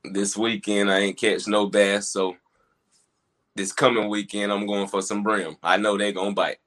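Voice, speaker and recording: A man's voice: lowish voice, flat delivery, normal speed, fairly bright tone. A man with a Southern accent, a guest on a casual fishing chat, talking in a laid-back drawl.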